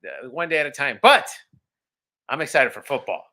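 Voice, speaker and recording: Excitable male podcast guest, bright voice. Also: medium pitch, normal speed, vocal fry. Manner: excitable, hyped. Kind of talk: casual sports podcast chat.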